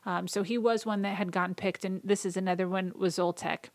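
A woman's voice: mid-range voice, steady tone, a little fast, no echo. A woman hosting a podcast, chatting enthusiastically through a casual movie recap. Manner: chatty and enthusiastic, reading out favorite quotes. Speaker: podcast host.

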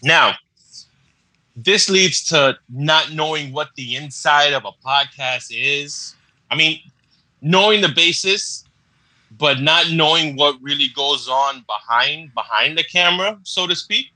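A man's voice: on the high side, takes it slowly, pushed and bright, dry recording, rough recording. A man co-hosting a podcast, chatting casually in slangy speech. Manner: laid-back storytelling with slang and cursing. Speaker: podcast co-host.

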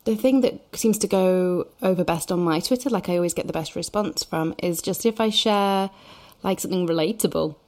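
A woman hosting a casual conversation, talking in a relaxed, quick way with casual fillers. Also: on the low side. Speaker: podcast host.

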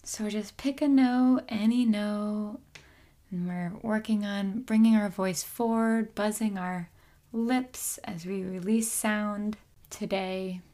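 A woman co-hosting a podcast over a video call, gently guiding vocal play exercises in a soft, soothing way. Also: mid-range voice, steady tone, takes it slowly. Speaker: co-host leading vocal play.

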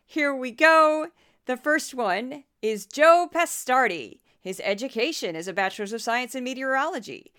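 A middle-aged woman from the American Midwest hosts a podcast in a loose, conversational way, full of dry asides and jokes at her own expense. Her voice sits a little high and sounds smooth and resonant. She keeps a wry, informal tone throughout. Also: expressive, moderate pace, bright, forceful tone. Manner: chatty, wry, self-deprecating asides. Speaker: podcast host. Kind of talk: casual podcast commentary.

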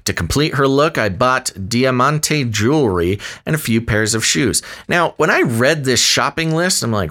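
A man's voice: mid-range voice, expressive, normal speed, hardly any pauses, fairly bright tone. Male podcast co-host, wry and joking, reading a story with asides. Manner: wry, joking, laughs often while reading. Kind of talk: casual podcast chat, reading a news story aloud.

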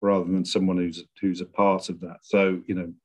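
A middle-aged man, a screenwriter guest in a conversational interview, speaking in a reflective, measured way as he searches for words. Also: deep voice, little pitch movement, a little mellow.

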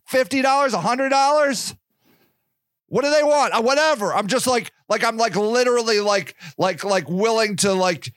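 A podcast host with a high male voice, recorded dry with no room sound. He tells his story in a loose, rambling monologue, cursing often and tripping over repeated words as he goes. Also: a bit bright, dry recording.

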